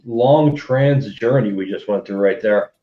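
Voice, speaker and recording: A man's voice: on the low side, measured pace. Wry man co-hosting, roomy lo-fi sound. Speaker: podcast co-host. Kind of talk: casual podcast chat.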